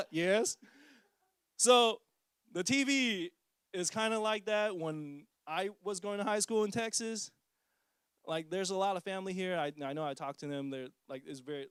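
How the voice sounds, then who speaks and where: A man's voice: on the high side, clear, resonant tone, no echo, clean studio sound. A man in his forties giving a casual personal testimony as a parent, joking and poking fun at himself. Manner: casual, joking, self-mocking storyteller.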